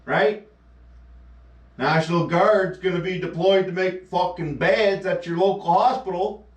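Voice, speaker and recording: A man streaming live, ranting sarcastically and with heavy swearing while reacting to a news clip. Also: sits high. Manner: profane, sarcastic, scornful. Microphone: action camera mic. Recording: echoey, distant from the mic.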